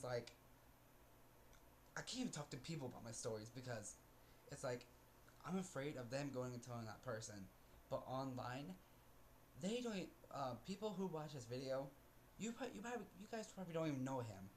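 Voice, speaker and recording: A man's voice: mid-range voice, darkish tone, a little hiss or hum. A man vlogging a casual storytelling rant, aggrieved and rambling, sighing often. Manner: aggrieved, ranting, with frequent sighs; rambling with restarts and fillers.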